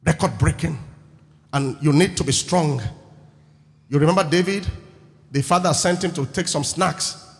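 Man, preacher, high voice, animated sermon, long hall reverb. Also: normal speed, long pauses. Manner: animated, acts out the crowd and asks the congregation questions. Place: church hall.

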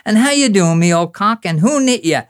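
A man's voice: high-pitched, animated, normal speed, clear, resonant tone, dry recording, studio quality, voice pushed up. A man voicing scheming male government officials who bluster and curse while plotting, inside a recited poem. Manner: blustering, cursing proclamation.

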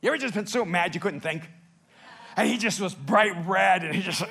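A man from El Salvador preaching a sermon, telling stories with big swings from soft to loud. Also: sits high, fairly quick, gravelly, long pauses, breathy edge. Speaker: pastor.

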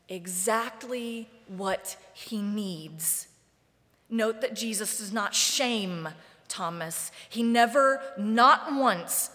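Preaching in a sanctuary whose long reverb surrounds her, this woman pastor sounds deliberate and conversationally wry. Her voice sits at a medium pitch with a fairly bright tone, picked up by a live-streamed service mic.

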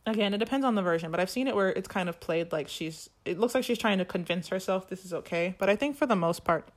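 A woman's voice: medium pitch, quick pace. A woman co-hosting a casual podcast chat, animatedly retelling a story and acting out the quoted lines. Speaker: podcast co-host. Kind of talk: casual chat recapping a musical.

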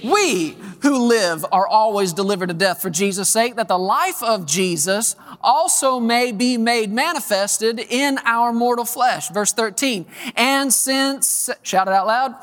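A preacher in a big echoing hall. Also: male voice, high-pitched. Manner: animated storytelling with scripture reading, drawn-out emphasis on words. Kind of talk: sermon. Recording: long echo of a large hall.

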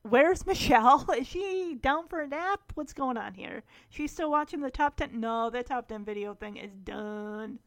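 Animated woman recapping an episode. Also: on the high side, a little slow, hardly any pauses. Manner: animated retelling, acts out characters' lines, laughs often. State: choked up. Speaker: show recapper.

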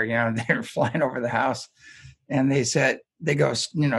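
A man's voice: medium pitch, fairly even intonation, normal speed, vocal fry, fairly bright tone, husky. A man talking as a guest in a casual conversation, telling stories in a rambling way with frequent restarts and chuckles.

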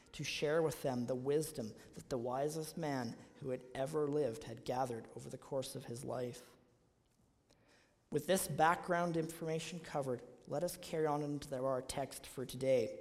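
A man's voice: mid-range voice, a little mellow. A man preaching a sermon to his congregation, asking his listeners emphatic rhetorical questions. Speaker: pastor. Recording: long hall reverb.

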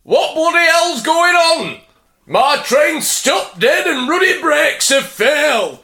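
A man voicing a grumpy old male train driver with a Yorkshire accent, shouting in slow, drawn-out words. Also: very high voice, very animated, echoey room, voice pushed up, full character voice. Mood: irate.

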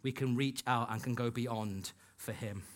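Male preacher, mid-pitched voice, earnest storytelling sermon, acts out quoted lines. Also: measured pace. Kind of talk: sermon with personal stories. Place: church hall.

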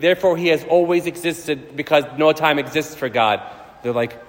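A man's voice: a little high, normal speed. A man, a priest, giving a casual, storytelling sermon with playful voiced asides. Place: church. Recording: church hall reverb.

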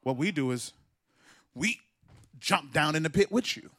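A man preaching a sermon with passion, repeating phrases for emphasis and building to shouted peaks. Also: fairly high pitch, animated, measured pace, breathy edge, no room sound. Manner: impassioned, builds to shouted climaxes.

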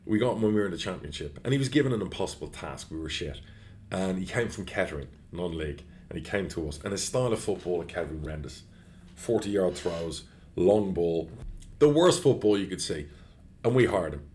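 Deep-voiced bloke, club chairman, blunt and sweary, animated chat. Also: brisk, slight background noise. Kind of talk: casual interview chat.

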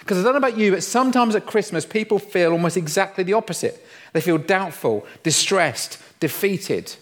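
A middle-aged man delivers a light-hearted sermon in a fairly high voice. He tells stories with playful, self-mocking humour. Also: lively intonation, fairly quick, a bit bright. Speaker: pastor. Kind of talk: humorous sermon.

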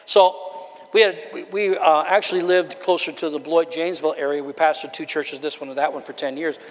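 A man preaches to his congregation in an easy, storytelling way, now and then climbing into loud exhortations. His voice sits high for a man. The sound rings with the long reverb of a church hall. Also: steady tone, brisk. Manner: conversational preaching with rising shouted bursts. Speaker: pastor. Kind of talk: sermon. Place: church sanctuary.

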